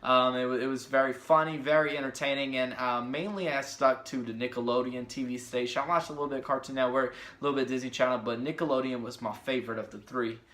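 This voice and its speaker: A young man in his twenties rambling through casual questions, full of ums and side tangents. His voice is bright and forceful, at a middle pitch. It bounces around an echoey room. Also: steady tone, fast talker, hardly any pauses. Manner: rambling, chatty, lots of fillers. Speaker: vlogger. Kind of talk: casual question-and-answer chat.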